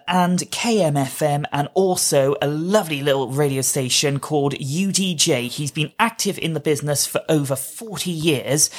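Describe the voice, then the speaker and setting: A man hosting a radio interview, relaxed with small hesitations. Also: on the high side. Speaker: radio show host.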